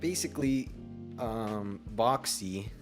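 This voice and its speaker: A young man rambles through a casual podcast chat, restarting his sentences and leaning on fillers. His voice sits slightly low. Music plays clearly underneath the call. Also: takes it slowly. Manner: rambling, many restarts and fillers, laughs often. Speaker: podcast co-host.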